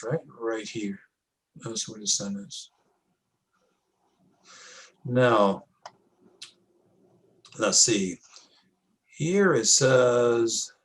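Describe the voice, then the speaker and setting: The recording is rough, and the man's pitch is medium as he guides his class through moon and sun diagrams. It's a casual classroom lab walkthrough, taken one step at a time with regular checks.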